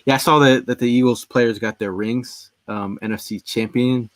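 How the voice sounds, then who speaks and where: A man's voice: medium pitch, fairly even intonation, normal speed, no room sound. A man hosting a casual sports podcast, reading out viewer questions in an easygoing way. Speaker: podcast host.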